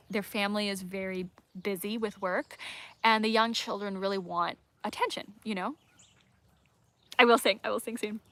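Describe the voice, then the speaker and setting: A woman talks casually to her audience, rambling and excitable, circling back with fillers and restarts. She speaks at an ordinary pitch in a relaxed, chatty vlog style. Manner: rambling and enthusiastic, with many fillers. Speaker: creator and musical theater teacher. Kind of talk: casual chat.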